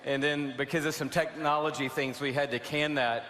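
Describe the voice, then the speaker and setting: A man's voice: a little high, fairly even intonation, moderate pace, fairly bright tone. A man hosting a conference from an arena stage, gushing and loose, with lots of fillers. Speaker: conference host. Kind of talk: excited stage address. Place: large indoor arena. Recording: echoey arena with crowd noise.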